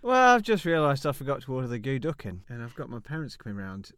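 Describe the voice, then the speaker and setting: Man, comedy podcast co-host, playing dumb, lively pitch, dry sound. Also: quick pace, clean tone, dry recording.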